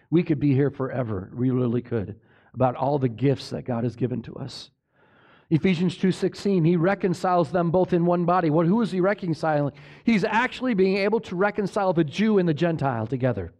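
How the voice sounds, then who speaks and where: A man with a high-pitched voice preaches from the pulpit. He delivers his sermon emphatically and keeps turning to the congregation with a questioning "amen?". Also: a little mellow. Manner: emphatic, asks the congregation for amens. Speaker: pastor.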